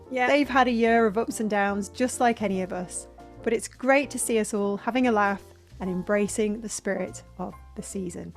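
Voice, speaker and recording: Presenting slides in a live online session, a woman with a medium-pitched, slightly mellow voice talks casually. Her manner is chatty and self-mocking, and she laughs a lot.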